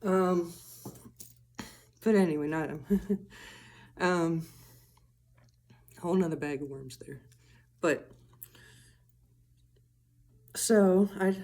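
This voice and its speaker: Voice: medium pitch, slow pace, pauses often, dark tone. A person talking casually to camera in a rambling, profane vlog monologue, chuckling often and trailing off mid-thought. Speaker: vlogger.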